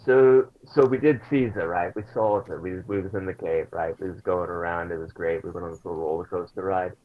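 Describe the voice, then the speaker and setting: Low-voiced man on a tinny call. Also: fairly even intonation, a little fast. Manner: rambling, loose grammar. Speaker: player. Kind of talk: in-character tabletop chat.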